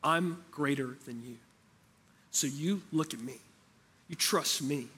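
A man voicing a tender, reassuring Jesus in his sermon, speaking softly and slowly. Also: a little high, husky, heavily acted. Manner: soft and slow.

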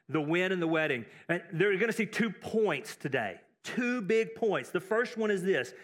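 A man with a notably high voice preaches to his church in a loose, talky way. He wanders into asides and doubles up his words to stress a point. He grew up in Texas. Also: a bit bright. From Texas, United States. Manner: conversational, with asides and repeated words for emphasis. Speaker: pastor. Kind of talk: sermon.

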